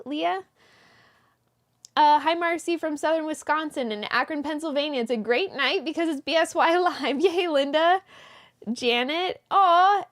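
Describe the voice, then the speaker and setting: Woman host on a live stream with a high voice, reading viewer comments aloud and greeting each person by name. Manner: greets viewers by name, reads messages aloud, brief laughs. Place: indoors, small closet.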